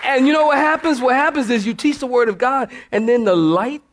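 A male pastor preaching a sermon, animated and storytelling with laughing asides. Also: very high-pitched, a little fast, some chatter behind, slight background noise.

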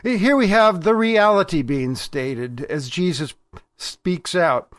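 A man's voice: sits high, takes it slowly, a bit bright, dry recording, studio quality. A man preaching a sermon as a pastor, earnest and emphatic.

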